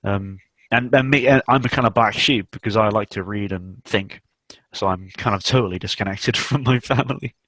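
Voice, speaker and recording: Gravelly low-voiced man rambling casually. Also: normal speed, few pauses, a bit bright, no echo. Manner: rambling, laughing, swearing casually. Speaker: hangout host. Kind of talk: casual chat.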